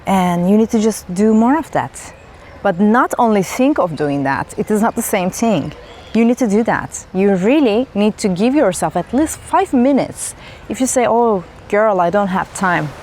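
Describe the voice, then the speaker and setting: A woman's voice: mid-range voice, expressive, normal speed, mellow, a little hiss or hum. A woman giving a spontaneous, reflective spiritual talk outdoors in a forest, musing loosely and asking rhetorical questions. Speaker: spiritual vlogger.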